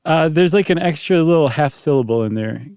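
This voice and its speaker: A man's voice: on the high side, expressive, a little fast, a little mellow, clean tone, no room sound, studio quality. A man co-hosting a podcast in casual chat, joking and laughing often. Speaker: podcast co-host.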